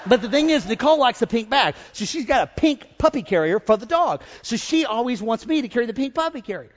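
A male pastor preaching a humorous storytelling sermon, animated and joking, rising into loud exhortation. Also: very high voice, quick pace, long reverb tail, lo-fi sound. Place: church with congregation.

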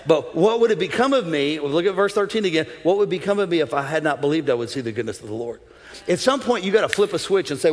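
A middle-aged man preaching a sermon as pastor, animated, swinging between loud exhortation and low, confiding asides. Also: fast, crowd noise, noisy background. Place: large church auditorium. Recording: long hall reverb.

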